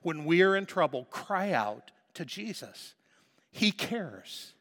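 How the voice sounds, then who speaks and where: A pastor preaching a passionate sermon, dropping to a hush and then rising to loud emphasis. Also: male voice, fairly high pitch, animated, unhurried. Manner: impassioned, swinging between hushed and loud. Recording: reverberant hall.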